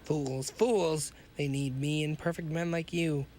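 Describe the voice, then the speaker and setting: A sinister hunchbacked mad scientist, voiced by a man reading a pulp story aloud. He rants in a grandiose way, with a voice sitting a little high for a man. A faint hiss hangs under the reading. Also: steady tone, a little slow, darkish tone, lightly acted. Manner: grandiose, ranting.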